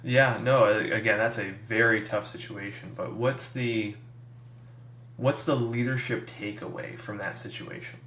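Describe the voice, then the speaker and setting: A man hosting an interview, asking questions in a calm, measured way. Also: fairly low pitch. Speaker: interview host. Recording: echoey room, distant mic, faint hum.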